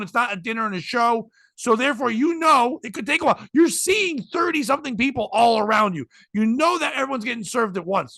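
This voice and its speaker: A man with a high, bright voice tells a rowdy story on a comedy podcast. He swears freely and acts out the other people's lines. The sound is close and dry. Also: no echo. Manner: acts out quotes with shouting, swearing, laughing.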